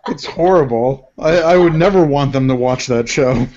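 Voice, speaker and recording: A man co-hosting a podcast, reading listener comments slowly and chuckling between them. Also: mid-range voice, lo-fi sound, crowd noise. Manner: slow, chuckling as he reads comments. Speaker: podcast co-host. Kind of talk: casual podcast chat.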